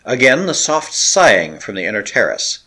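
Husky-voiced man narrating with lively drama. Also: lowish voice, normal speed. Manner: expressive, dramatic storytelling. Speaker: audiobook narrator. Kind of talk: scripted narration of an adventure novel.

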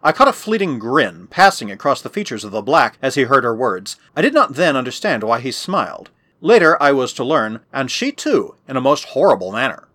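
A man narrating an adventure novel in an expressive, dramatic reading. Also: mid-range voice, a little fast. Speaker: audiobook narrator. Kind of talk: scripted narration.

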